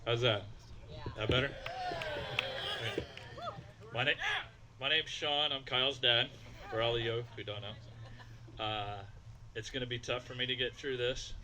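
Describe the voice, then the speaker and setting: A man's voice: mid-range voice, fairly even intonation, a little slow, pauses often, background noise. A middle-aged man, the groom's father, telling stories in a folksy, emotional wedding toast at a reception. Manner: emotional, folksy storytelling with quoted dialogue.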